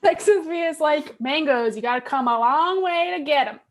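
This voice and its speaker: A woman's voice: high voice, lively intonation, moderate pace, a little hiss or hum. A woman doing improv one-liners on a video call, laughing and searching for words. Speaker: improv performer.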